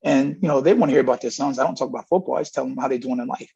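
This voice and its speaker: In dull lo-fi audio, a middle-aged football coach who works with college running backs races through a candid interview, earnestly acting out dialogue in his stories. His mid-range voice is warm with a breathy edge and some vocal fry.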